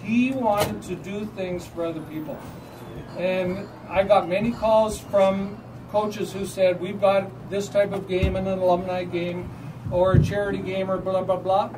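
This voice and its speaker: A man with a Canadian accent telling lively, laughing anecdotes at a memorial gathering about a fellow referee. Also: high voice, a little slow. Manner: animated storytelling, acts out quoted voices with laughter. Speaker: referee assigner giving a memorial tribute. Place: gathering hall with audience. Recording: distant mic, noisy crowd.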